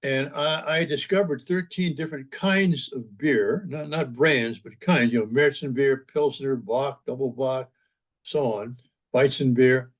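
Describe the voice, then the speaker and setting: An older man, a priest, reminiscing in an interview with relaxed, humorous storytelling. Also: medium pitch, a little slow. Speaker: interview guest, priest and publisher. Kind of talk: anecdotal storytelling in conversation.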